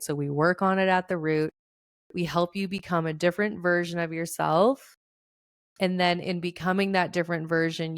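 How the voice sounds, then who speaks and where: Earnest woman with a smooth, resonant voice. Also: fairly low pitch, no echo, studio quality. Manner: emotional, tearful at times, earnest. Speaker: podcast host and relationship coach. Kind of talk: heartfelt solo podcast talk.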